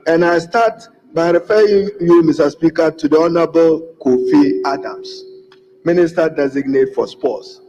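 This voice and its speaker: High-pitched Ghanaian MP in echoing chamber. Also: male voice, a little mellow. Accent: Ghanaian English. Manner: emphatic, repeatedly addressing the Speaker. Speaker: member of parliament. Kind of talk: parliamentary debate speech. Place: parliament chamber. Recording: dull lo-fi audio with long chamber reverb.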